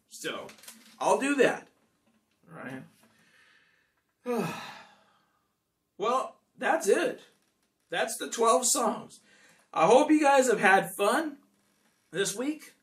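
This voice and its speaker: A man's voice: sits high, fairly bright tone. A man, a singer-songwriter, chatting casually and ramblingly to his audience between songs. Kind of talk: casual chat between songs at a home concert.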